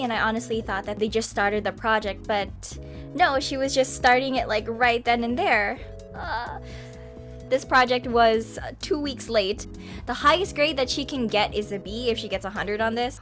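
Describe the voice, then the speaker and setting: A young adult woman telling a story in casual vlog style into a webcam mic, chatty and animated, with frequent laughs and sighs. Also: mid-range voice. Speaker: vlogger. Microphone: webcam microphone.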